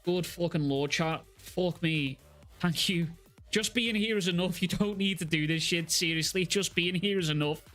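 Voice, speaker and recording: Excitable swearing streamer, higher man. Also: moderate pace, faint music behind. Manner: excitable and heavily profane. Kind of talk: live stream reacting to chat.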